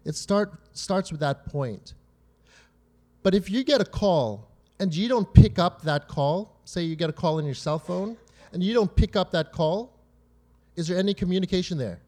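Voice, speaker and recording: A man preaching in a loose, conversational way, his voice a little higher than most men's. His tone is mellow and soft-edged. He keeps turning to the congregation with quick "right?" and "you know?" questions as he tells stories from home. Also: lively intonation. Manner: frequent "right?" and "you know?" check-ins with listeners; tells personal family stories to make points. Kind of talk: conversational sermon.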